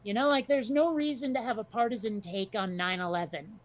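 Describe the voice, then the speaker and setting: A woman's voice: on the high side, fairly quick. A woman co-hosting a casual podcast chat, talking bluntly, swearing freely and telling stories with energy. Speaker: podcast co-host.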